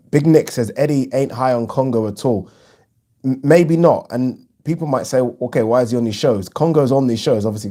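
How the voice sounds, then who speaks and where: Reading out viewers' comments during his live boxing watch-along, a man talks casually and frankly, swearing freely and filling gaps with frequent ums. His voice is lowish and dark in tone.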